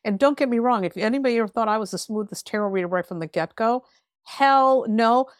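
A woman's voice: fairly high pitch, brisk, clean tone, dry recording, studio quality. A woman tarot reader talking bluntly and emphatically, giving frank advice in a podcast conversation. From rural area.

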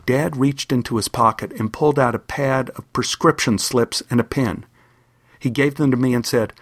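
A man's voice: medium pitch, fairly even intonation, moderate pace. An older man from Dallas, Texas, telling a personal memoir with dry, wry humor. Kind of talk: memoir storytelling.

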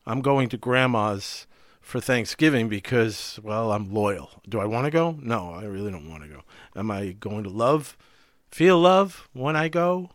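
Male podcast co-host, mid-pitched, reflective and conversational, voice dry and close. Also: no room sound. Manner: reflective, thinks aloud with many "you know" asides.

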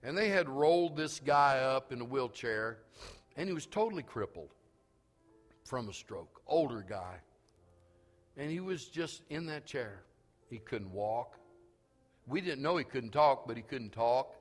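A pastor preaching a sermon, telling a story that swells into shouted calls to the congregation. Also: male voice, medium pitch, lively intonation, measured pace, pauses often, in a large hall, faint music behind. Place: church sanctuary.

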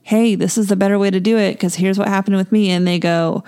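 Gravelly, flat-voiced woman sharing parenting advice. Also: mid-range voice, fast. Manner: affirming, reflective about parenting. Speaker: podcast co-host. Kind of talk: casual chat.

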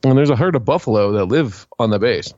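A man's voice: medium pitch, a little fast, no room sound. A man, a podcast co-host, telling crude stories in a casual, joking way. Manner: crude, joking, animated storyteller. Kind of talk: casual chat, storytelling. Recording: dry, dull lo-fi sound.

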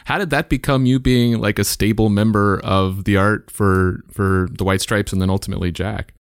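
A man's voice: on the low side, fairly even intonation, moderate pace, smooth, no room sound, clean studio sound. A man hosting a podcast, asking curious follow-up questions. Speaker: podcast host. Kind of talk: interview questions.

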